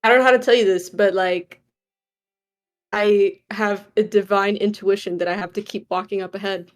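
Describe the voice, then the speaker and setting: A woman's voice: medium pitch, fairly even intonation, normal speed. Laid-back woman playing a tabletop game. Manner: laid-back, laughs often. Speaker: player. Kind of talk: casual tabletop game play.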